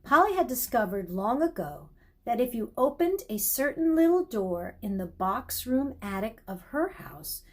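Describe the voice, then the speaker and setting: Female audiobook narrator; calm, expressive storytelling, slightly high voice. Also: husky. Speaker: audiobook reader.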